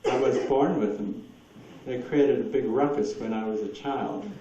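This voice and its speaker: A man's voice: mid-range voice, moderate pace, warm tone. A man speaking at a talk, telling rambling stories and answering audience questions with frequent laughter. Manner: rambling anecdotal storyteller, laughs often. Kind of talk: lecture with audience Q&A. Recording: distant echoey room, dull lo-fi with hiss.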